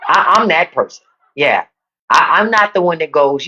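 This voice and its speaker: Playful woman live-streaming, lively voice. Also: deep voice, a little slow. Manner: playful, laughs often, talks to viewers as y'all. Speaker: podcast host on a live stream. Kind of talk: casual livestream commentary. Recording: dull lo-fi livestream audio.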